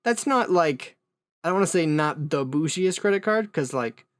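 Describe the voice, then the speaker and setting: A man's voice: on the high side, expressive, moderate pace, no room sound, clean studio sound. A man co-hosting a podcast, telling a rambling story in casual chat, full of asides. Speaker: podcast co-host.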